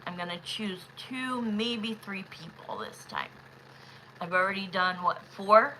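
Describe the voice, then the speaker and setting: Woman host of a live tarot stream. Chatty and excitable, bright tone, unhurried delivery. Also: medium pitch, a little hiss or hum, poor audio. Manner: chatty, excitable, talks to viewers directly. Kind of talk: casual live-stream chat.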